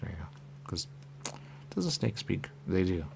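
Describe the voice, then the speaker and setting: A man's voice: deep voice, very animated, moderate pace, creaky, slight background noise. A man talking in a rambling monologue who keeps repeating the same stock phrase and drifts into whispers. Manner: repetitive, keeps saying "there you go", drifts into whispers. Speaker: radio talk host. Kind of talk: rambling stream-of-consciousness monologue.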